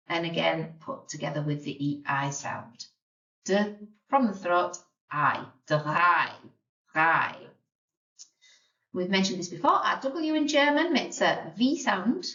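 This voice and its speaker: A woman's voice: lowish voice, lively intonation, slow pace, fairly bright tone. A woman teaching a beginner language lesson, patiently sounding out and spelling words. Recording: roomy, distant, dull lo-fi sound.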